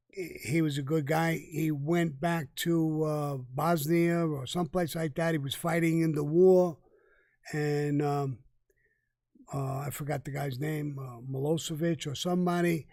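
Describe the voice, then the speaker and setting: In a casual live Q&A, an older guest answers viewer questions with blunt, profane talk full of stumbles and restarts. A close, dry mic with no echo picks up his slightly high, darkish voice, steady in tone and measured in pace, with vocal fry.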